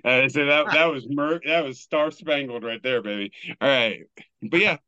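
A man's voice: mid-range voice, moderate pace, pushed and bright, clear, resonant tone, no echo, highs cut off. A man hosting a casual podcast, reading memes aloud in a loose, joking way and swearing freely. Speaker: podcast host.

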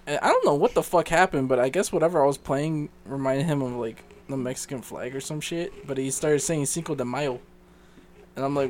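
A young man co-hosting a casual podcast, telling a story with lots of swearing and high squeaky jumps when he quotes people. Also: normal speed. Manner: swearing, animated, leaps to a squeaky pitch when quoting others. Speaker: podcast co-host.

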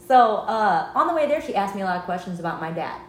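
A podcast co-host talks fast in a mid-range voice, sharing a personal story in casual conversation. She laughs often and acts out the voices of the people involved, all recorded in an echoey room with faint noise.

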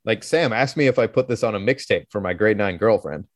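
A man's voice: on the low side, expressive, brisk, dry recording, studio quality. A man in his thirties with a Canadian accent, co-hosting a podcast in casual, rambling, jokey chat. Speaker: podcast co-host.

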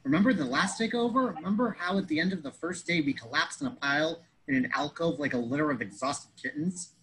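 A man's voice: fairly high pitch, quick pace, fairly bright tone, poor audio. A man telling a comedic story in a pedantic, wordy way, fussing over grammar and metaphors.

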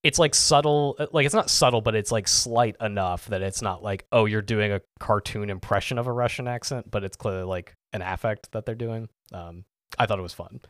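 Brisk and fairly bright, a lowish-voiced man co-hosts a podcast, heard in a dry studio-quality recording. His relaxed conversation meanders, thick with "um" and "like."

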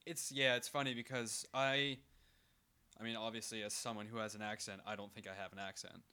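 A Canadian man co-hosting a casual comedy podcast, delivering absurd jokes in a dry, deadpan way. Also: lowish voice, a little fast, clean tone. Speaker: podcast co-host.

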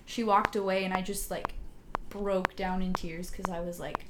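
Soft halting woman, noisy recording. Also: lowish voice, level tone. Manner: halting, many fillers and restarts. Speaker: podcast guest. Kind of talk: casual personal storytelling. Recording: loud background noise with clicks.

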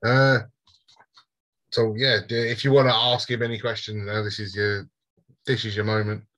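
A man's voice: fairly low pitch, level tone, moderate pace, fairly bright tone, low-quality recording. A British man running a tabletop game, narrating scenes and chatting casually with his players. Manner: casual, laid-back, swears. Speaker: game master.

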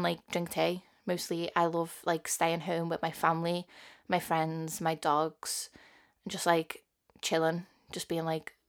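A young woman in her early twenties speaks with a strong Scouse accent. Her voice sits low, with a gravelly fry that creaks through her words. She chats loosely on her own podcast, rambling from thought to thought in a flat, even tone with plenty of filler words. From Liverpool, England. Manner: chatty, rambling, many "like" fillers. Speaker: podcast host. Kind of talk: casual solo podcast chat.

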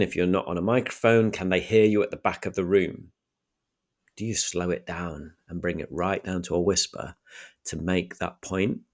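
A man's voice: lowish voice, darkish tone. A man talking through practical communication tips in a solo podcast, shifting his pace and volume to demonstrate each point. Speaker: communication coach.

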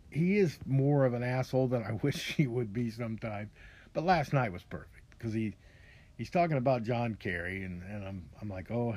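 A man's voice: on the low side, darkish tone, no echo. A man hosting a podcast, ranting in a rambling, profane monologue full of restarts and asides. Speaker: podcast host.

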